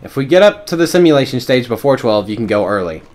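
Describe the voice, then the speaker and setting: A man's voice: mid-range voice, big pitch swings, fast, a little mellow, close to an everyday voice. A firm lab boss, read by a man.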